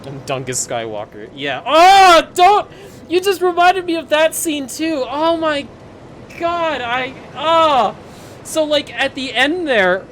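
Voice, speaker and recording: A young adult streamer ranting casually while playing a video game, swearing freely and breaking into loud bursts of laughter. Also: mid-range voice, slight background noise. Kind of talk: casual rant while gaming.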